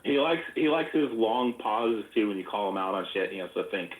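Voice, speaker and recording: A man's voice: fairly low pitch, expressive, a little fast. A mocking, profane man jabs at others in a casual online voice room. His voice has a roomy echo around it. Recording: echoey online voice chat.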